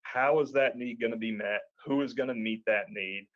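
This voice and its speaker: A male podcast co-host explaining an industry issue in a measured, analytical way. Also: mid-range voice. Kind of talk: analytical discussion. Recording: dull lo-fi audio.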